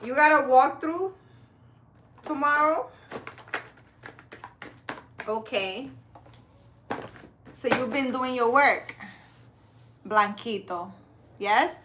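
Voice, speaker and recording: Woman, live-stream card reader, chatty, laughs a lot, slow unhurried talk, faint background hiss. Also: high-pitched. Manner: chatty, laughs often, answers comments by name. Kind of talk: casual live-stream chat with viewers.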